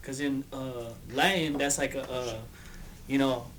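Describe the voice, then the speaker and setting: A man's voice: medium pitch, steady tone, measured pace, very noisy. A man co-hosting a podcast, arguing a point in casual chat, with many fillers. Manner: argumentative, hesitant with fillers. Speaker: podcast co-host.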